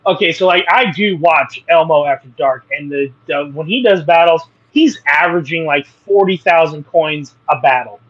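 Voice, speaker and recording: A man's voice: fairly high pitch, fairly bright tone. A man hosting a casual live-stream chat, talking loosely and acting out reactions as he goes. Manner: chatty, plays out reactions in quick voices. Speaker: livestream host. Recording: dull lo-fi stream audio.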